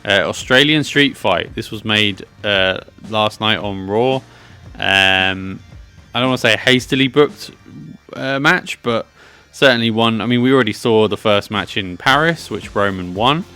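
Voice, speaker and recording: A man's voice: on the low side, unhurried, bright, forceful tone, clean tone, soft background music. A man hosting a casual wrestling predictions vlog, chatty and rambling with lots of fillers and restarts. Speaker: wrestling channel host.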